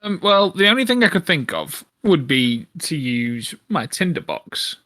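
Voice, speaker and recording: A man playing a tabletop game, explaining his moves in a hesitant, halting way, full of pauses and restarts. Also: fairly high pitch, very animated, bright, forceful tone, dry recording, clean studio sound. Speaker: player. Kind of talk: casual chat during a tabletop game.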